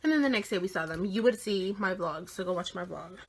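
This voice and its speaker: Young woman vlogger, 18, excited storytelling with heavy swearing and whispered asides. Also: on the low side, a little fast, breathy edge. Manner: animated, swears a lot, drops into whispers. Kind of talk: casual storytime vlog.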